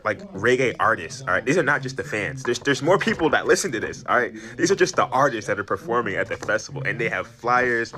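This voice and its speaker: A man talks excitedly in a casual vlog, tripping over repeated words and throwing in bro. His pitch sits at an ordinary level, and a crowd is clearly heard behind him.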